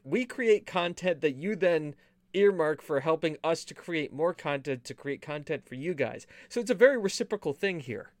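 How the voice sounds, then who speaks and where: A man's voice: on the high side, no room sound. Joking man co-hosting a gaming podcast. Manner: joking, rambling, lots of puns. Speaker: podcast co-host running the stream. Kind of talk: casual chat.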